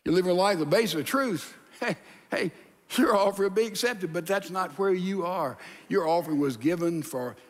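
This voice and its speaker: Man doing a stern, fatherly deity, high and firm, lecturing, echoing church hall. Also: normal speed, close to an everyday voice. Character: stern yet fatherly male God. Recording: long church hall reverb.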